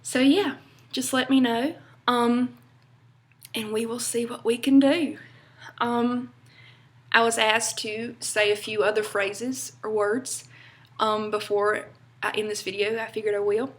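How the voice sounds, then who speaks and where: Young southern gal from north carolina, rambly vlog chat, lots of ums, voice a bit on the high side. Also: female voice, fairly even intonation, measured pace, pauses often. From North Carolina, USA. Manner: chatty, rambling, many fillers and little laughs. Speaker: vlogger. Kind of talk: casual chat to camera.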